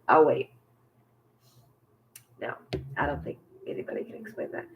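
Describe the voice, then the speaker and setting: A man telling a personal story to camera in a halting, rambling way, full of fillers and restarts, often sinking to a near whisper. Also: medium pitch, big pitch swings, vocal fry, rough recording. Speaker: vlogger.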